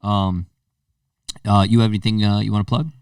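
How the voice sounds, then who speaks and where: This man in his thirties hosts a podcast and tells a casual story, animatedly acting out its voices. His fairly low voice is clear and resonant at a moderate pace, and the clean studio sound has no room sound, though the mic is distant.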